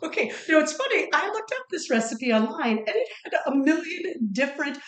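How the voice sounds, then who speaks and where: A playful middle-aged woman chats and giggles her way through a casual podcast conversation. Her voice sits a little high. The room around her is echoey. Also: sing-song, a little fast. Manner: giggly, playful, often laughing. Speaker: podcast co-host. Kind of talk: casual chat.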